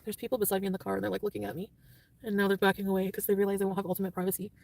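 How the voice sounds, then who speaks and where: A woman's voice: mid-range voice, little pitch movement, racing, creaky, darkish tone. A woman vlogger chatting casually, rambling and defensive, laughing often. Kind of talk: casual vlog chat.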